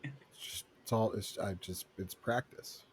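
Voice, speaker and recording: A man's voice: lowish voice, measured pace, slight background noise. A man playing in a tabletop game, hesitant and stammering in casual chat. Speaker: tabletop player. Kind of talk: casual in-character play chat.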